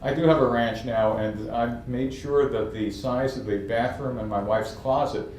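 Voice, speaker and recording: A man's voice: mid-range voice, normal speed. New york guy telling funny startup stories on stage, roomy and faint hum behind. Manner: lively, humorous storyteller. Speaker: entrepreneur guest. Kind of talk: storytelling interview. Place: event stage. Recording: echoey room from a distance, faint ambience.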